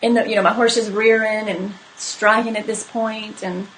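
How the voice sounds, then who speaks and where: A woman's voice: medium pitch, little pitch movement, normal speed, a bit bright, a little hiss or hum, low-quality recording. A woman telling a personal story to live viewers in a candid, conversational way, with many fillers. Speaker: horse trainer hosting a live stream.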